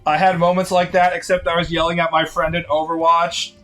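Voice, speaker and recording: A man's voice: on the high side, level tone, brisk, a bit bright, faint music behind. A man chatting casually on a live stream in a sardonic, rambling way.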